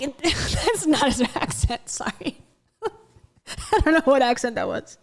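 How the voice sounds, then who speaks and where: A woman's voice: high-pitched, sing-song, slow. A woman giving blunt, sarcastic reaction commentary on a clip, swearing and laughing as she talks.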